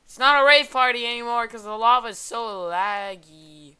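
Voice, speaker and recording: Male gamer, bright tone, excitable, foul-mouthed, casual play chat. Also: very high-pitched, moderate pace, clean tone. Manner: excitable, swearing and laughing often. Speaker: gamer playing with a friend.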